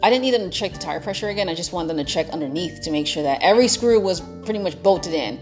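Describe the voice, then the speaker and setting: A woman's voice: on the low side, expressive, fast. A woman telling a personal story in a chatty, exasperated way, with lots of fillers and asides to her viewers. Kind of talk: casual storytime monologue. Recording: faint music behind.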